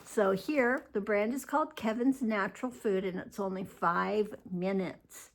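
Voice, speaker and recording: An older vlogger talks casually to her audience about her grocery haul, rambling cheerfully. She speaks in a mid-range voice at a measured pace.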